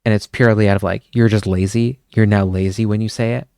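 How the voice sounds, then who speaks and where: A man's voice: lowish voice, steady tone, fast talker, vocal fry, a little mellow, clean tone, no room sound, studio quality. A man streaming, chatting casually with his viewers, rambling and swearing as he goes. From Canada. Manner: rambling, swears often, chuckles.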